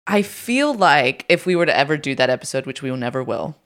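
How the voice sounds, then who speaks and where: A woman hosting a podcast, dry and teasing in loose banter. Her voice sits very low for a woman. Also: sing-song, a little fast. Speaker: podcast co-host. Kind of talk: casual podcast chat.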